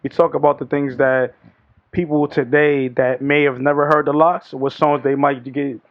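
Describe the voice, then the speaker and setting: A man's voice: fairly high pitch, little pitch movement, normal speed. A man hosting a podcast, chatting casually in loose slangy banter. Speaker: podcast host. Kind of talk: casual chat about hip-hop and news. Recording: dull lo-fi sound.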